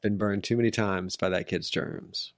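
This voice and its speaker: A podcast co-host in casual chat with their spouse, talking in a dry, deadpan, complaining way. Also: sits low, moderate pace.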